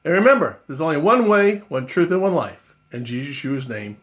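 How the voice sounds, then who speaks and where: High-voiced man preaching prophecy commentary. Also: lively intonation, fairly quick. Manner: emphatic, repeats points and asks listeners if they understand; exhorting and admonishing, full of scripture phrases. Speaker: host of a religious commentary show.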